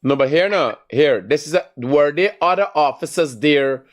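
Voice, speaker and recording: A man with a Guyanese accent hosts a call-in show. He talks bluntly and scolds callers who lose focus. His voice sits high for a man. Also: lively intonation, normal speed. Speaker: talk show host.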